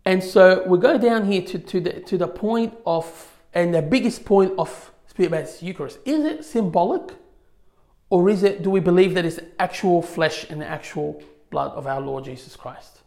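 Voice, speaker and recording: A man's voice: high voice, normal speed, a little mellow. A man teaching a religious class from slides, reading scripture aloud and explaining it in a loose, conversational way. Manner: conversational, many fillers, reads scripture aloud. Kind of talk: informal slide lecture on scripture.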